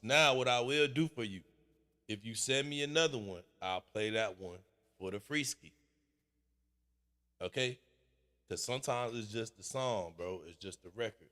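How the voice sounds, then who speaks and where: A man's voice: on the low side, pushed and bright, big-room sound. A man hosting a casual song review, blunt and full of slang, calling everyone bro. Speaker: host reviewing submitted songs.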